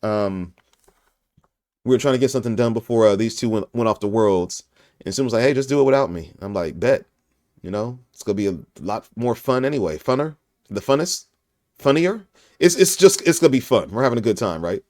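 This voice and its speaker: A man runs a casual podcast chat over an online call, jokey and goofy, often breaking into laughs. His voice sits at an ordinary middle pitch. The sound is dry and close, with no room around it. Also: animated, brisk, a little mellow, dry recording. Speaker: podcast host.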